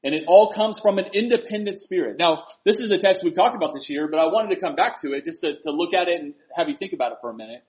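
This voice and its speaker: A man preaching a sermon, swinging from loud, emphatic lines to hushed, earnest asides. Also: on the high side, animated, quick pace, few pauses, muffled recording.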